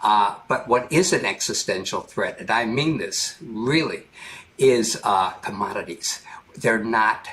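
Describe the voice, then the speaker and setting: An American man speaking as a guest in an interview, earnest and halting, often restarting his sentences. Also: lowish voice, a bit bright. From United States. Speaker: guest commentator. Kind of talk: interview conversation.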